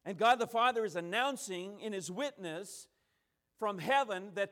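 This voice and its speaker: High-voiced man preaching emphatically. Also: a little slow, fairly bright tone. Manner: emphatic, repeating and restarting phrases, acting out quotes. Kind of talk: sermon.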